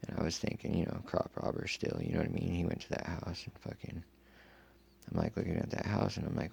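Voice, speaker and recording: A man with a very low, gravelly voice tells his story in a loose, rambling way, with lots of cursing and fillers. His tone is dark and mellow. The voice sounds raspy and husky rather than clear. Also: monotone, a little fast. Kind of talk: casual first-person account.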